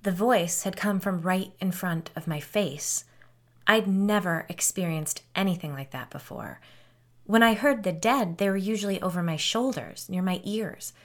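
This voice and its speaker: A woman reading a first-person novel as an audiobook, in a measured storytelling way. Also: medium pitch. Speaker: audiobook narrator.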